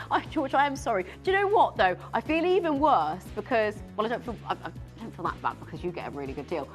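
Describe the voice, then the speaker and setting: A woman presenting live on a shopping channel, excitable and giggly, often tripping over her words. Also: fairly high pitch. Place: TV studio.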